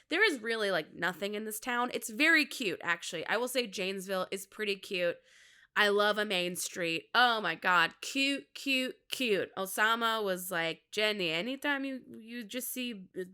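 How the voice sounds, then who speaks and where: On her own podcast, a comedian in her thirties from Minnesota chats alone, candid and self-deprecating, cracking jokes and laughing in a Midwestern American accent. The voice sits at medium pitch, clean in tone, pushed and bright.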